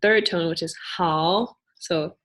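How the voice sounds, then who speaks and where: Young woman student presenter, lowish voice, careful and explanatory. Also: normal speed. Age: young adult. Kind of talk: casual educational explanation.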